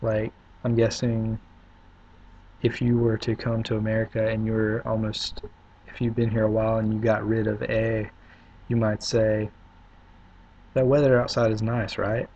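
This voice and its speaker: A young Southern man with an Upstate South Carolina accent talks in a casual video reply. His voice is low and very flat, with frequent hesitant pauses. The sound is dull and lo-fi, like a built-in webcam mic. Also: slight background noise. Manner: relaxed, halting, many "um" pauses. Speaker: vlogger.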